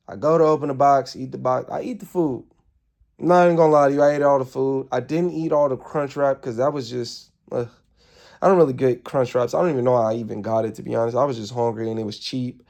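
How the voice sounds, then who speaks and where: A man telling a rambling, casual story to his live viewers, animated and swearing freely, sounding tired and yawning. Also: mid-range voice. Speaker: streamer.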